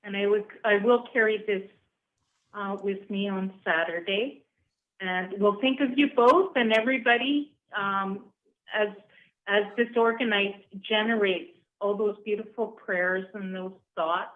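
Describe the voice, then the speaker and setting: Woman, radio caller, slow, grateful, hesitant, phone-line sound. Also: medium pitch. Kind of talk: call-in radio talk.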